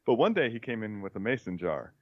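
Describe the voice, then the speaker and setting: A man's voice: fairly low pitch, sing-song, dry recording, dull audio. A man chatting casually who tells wry stories, stopping and restarting often. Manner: halting, many restarts, wry storyteller. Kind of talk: casual chat.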